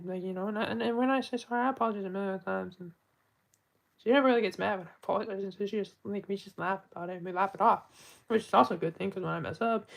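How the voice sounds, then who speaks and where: Woman, casual live stream talk, gravelly fry, soft-spoken, heartfelt, halting restarts. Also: mid-range voice, low-quality recording.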